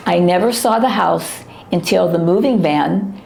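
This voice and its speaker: A woman telling a lively family anecdote in an interview, often breaking off to add details. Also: fairly low pitch, unhurried, vocal fry, reverberant, a little hiss or hum. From United States. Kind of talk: interview storytelling.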